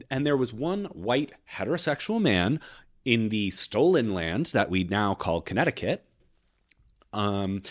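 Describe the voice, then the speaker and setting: A man co-hosting a podcast, telling a history story in a casual, expressive and irreverent way. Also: fairly low pitch. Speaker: podcast co-host.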